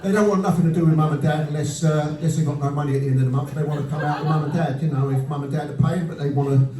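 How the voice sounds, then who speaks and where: A man in his fifties doing a stand-up comedy set, with blunt, deadpan storytelling and crude punchlines, recorded at a live venue with audience laughter behind him. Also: on the high side, racing, a crowd in the background. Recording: roomy live venue sound from a distance.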